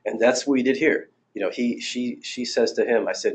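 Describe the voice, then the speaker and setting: A man in his sixties, a marriage therapist, delivers a recorded training talk with a mid-range voice and a brisk pace. His style is conversational and full of anecdotes, with fillers and restarts throughout.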